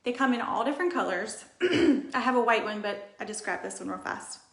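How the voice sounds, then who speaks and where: A woman in her thirties rambles cheerfully through a live makeup tutorial, reading out viewer comments as she goes. Her voice sits a little high for a woman. The room around her sounds roomy and echoey, picked up by a camera in front of her. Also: animated, a little fast, fairly bright tone. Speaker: beauty livestream host. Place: room in her home, indoors. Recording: roomy echo of a home room.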